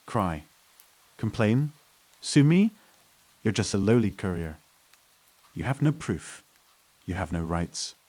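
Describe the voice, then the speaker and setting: A man's voice: fairly low pitch, very animated, slow pace, pauses often, darkish tone, husky, no room sound, exaggerated voice. A man voicing a rude, bullying male customer who sneers and threatens. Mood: menacing.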